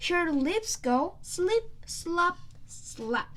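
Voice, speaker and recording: A woman reading a children's picture book aloud in a slow, sing-song way, playing up sound words and animal noises. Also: extremely high pitch, sing-song, a bit bright, a little hiss or hum. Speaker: storyteller.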